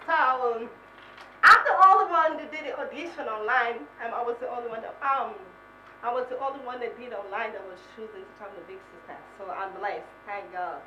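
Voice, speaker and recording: Woman, contestant self-introduction, flat deadpan voice, sudden high bursts, distant echoey recording. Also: a little fast, muffled recording. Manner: flat low-key voice with sudden high squeals. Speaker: reality show contestant. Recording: echoey room from far off, noisy.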